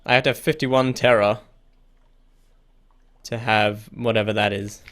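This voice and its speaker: A man's voice: fairly low pitch, steady tone, a little slow, a bit bright. A man giving casual gameplay commentary, reading the game's text aloud, laughing often and sounding easily confused, with a casual swear now and then. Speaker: let's play gamer.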